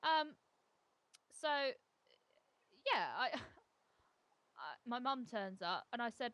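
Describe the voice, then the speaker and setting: A woman telling a story casually over gameplay as a co-host. She is animated and self-mocking, and she often restarts her sentences. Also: a little high, very slow, long pauses, no echo. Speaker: gaming channel co-host.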